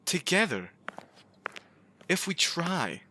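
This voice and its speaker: A man's voice: on the high side, very animated, slow, background noise. A man giving comic let's-play commentary, pleading with his car and joking, breaking into yelps and swearing. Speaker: gaming YouTuber.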